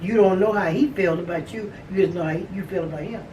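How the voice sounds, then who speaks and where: A woman's voice: lowish voice, fast talker, dark tone, recorded from a distance, dull audio. An older woman, the host's grandmother, giving consoling family advice in a soothing, insistent way and repeating short phrases. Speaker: grandmother of the host. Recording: echoey room, voice from off-mic, faint hiss.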